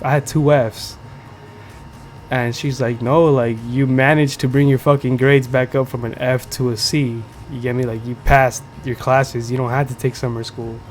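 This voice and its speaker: A man's voice: medium pitch, darkish tone. Profane young man telling a rambling story. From United States. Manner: profane, slangy, rambling with many fillers. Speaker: podcast host. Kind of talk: casual storytelling. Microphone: streaming setup.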